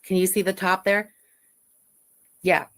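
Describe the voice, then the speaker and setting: Brief: woman, mid pitch, informal and halting, pointing things out on screen. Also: steady tone, a bit bright. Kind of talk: casual explanation in a played clip.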